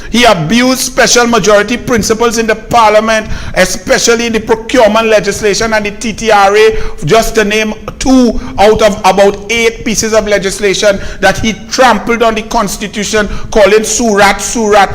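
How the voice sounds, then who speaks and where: A man's voice: high-pitched, a bit bright. A man with a Trinidadian accent, giving sarcastic, mocking political commentary. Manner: sarcastic, mocking, fast-talking.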